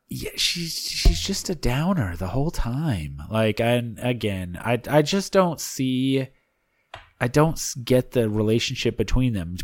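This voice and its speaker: A man co-hosting a casual podcast about reality TV, with an ordinary mid-pitched voice. He agrees easily, cracks jokes and swears now and then. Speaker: podcast co-host.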